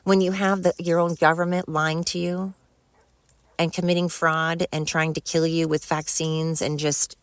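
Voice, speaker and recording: Middle-aged lady podcaster venting, heartfelt n sweary, kinda low voice, dry sound. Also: little pitch movement, measured pace, clean tone, dry recording. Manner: emotional, heartfelt, swears freely. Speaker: podcast host. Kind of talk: rambling solo podcast monologue.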